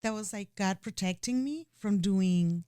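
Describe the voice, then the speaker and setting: A woman with a medium-pitched, dark, smooth voice speaks a little slowly in an echo-free studio-quality recording. Talking candidly in a personal conversation, she sounds emotional and earnest, restarting her sentences often and peppering them with "you know."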